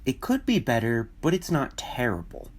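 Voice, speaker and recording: Male video commentator, mid pitch, opinionated and thinking aloud, casual talk. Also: very animated, moderate pace. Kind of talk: casual commentary on a film trailer.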